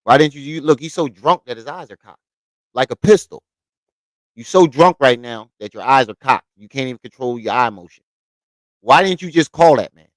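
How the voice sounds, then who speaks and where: Male reaction host, mid pitch, dry sound, scolding and mocking tone. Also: moderate pace, no room sound, poor audio. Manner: mocking, scolding, repeats himself. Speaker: commentary host reacting to clips. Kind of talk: heated reaction commentary.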